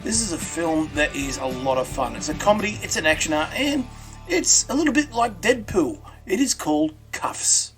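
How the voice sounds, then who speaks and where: A man's voice: a little high, animated, moderate pace, a bit bright, soft background music. An Australian man hosting a podcast in a playful, jokey chat. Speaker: podcast host.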